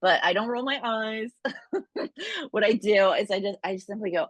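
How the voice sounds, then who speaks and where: A woman's voice: medium pitch, normal speed, dry recording. A woman casually coaching her sales team, chatty and full of "right?" tags. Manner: chatty, keeps tagging lines with "right?". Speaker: direct sales trainer.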